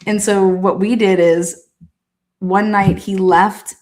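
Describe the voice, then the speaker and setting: A woman's voice: mid-range voice, level tone, takes it slowly, darkish tone. A woman hosting a show who rambles through casual stories, swearing freely and laughing often. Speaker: host. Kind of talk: casual storytelling.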